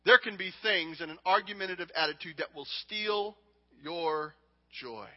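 A man's voice: high voice, moderate pace. A man in his thirties preaching a sermon as a pastor, earnest and repeating phrases for emphasis. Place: church sanctuary. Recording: dull reverberant church hall recording.

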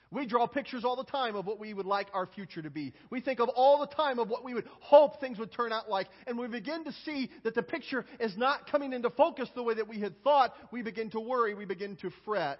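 High husky pastor in a reverberant hall. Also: male voice, animated, fairly quick. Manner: coaxing, asks many questions, repeats words at starts. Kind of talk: children's sermon with audience questions. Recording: long hall reverb, dull lo-fi sound.

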